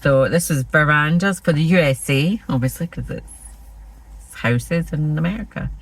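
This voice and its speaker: A Scottish flosstube host with a low-sitting voice speaks at a measured pace, chatting casually as she shows off her cross-stitch projects. She rambles about her stitching and pokes fun at herself, and the recording is rough.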